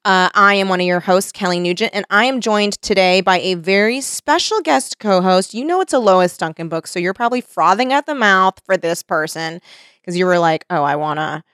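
A woman hosting a podcast, talking in loose, animated chat that swings all over her range. Her voice sits close and dry on the mic, with no room sound. She swears freely and laughs easily. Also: medium pitch, moderate pace, clean tone, dry recording. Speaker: podcast host. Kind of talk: casual chat.

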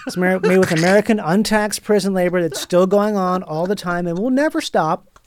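A man's voice: sits high, fairly quick, dry recording. A man, a comedian and actor guest on a podcast, riffing sarcastically with a sing-song joking delivery. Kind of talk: casual comedy podcast chat.

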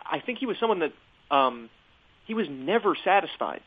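A man's voice: high-pitched, big pitch swings, husky. Hesitant man on a tinny line. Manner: halting, hesitant, many fillers and restarts. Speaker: guest remembering a friend. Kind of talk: casual podcast conversation.

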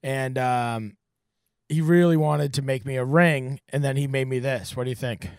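A middle-aged man co-hosting a casual podcast chat, telling stories with lively acted-out voices. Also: medium pitch, normal speed, clear, resonant tone, no room sound, clean studio sound. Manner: animated storyteller, acts out voices loudly. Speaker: podcast co-host.

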